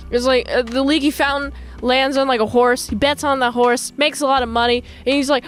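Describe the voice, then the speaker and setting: A woman casually reviewing a TV episode, animated and slipping into funny voices as she retells scenes. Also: high-pitched, brisk, hardly any pauses, soft background music. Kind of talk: casual recap with acted-out quotes.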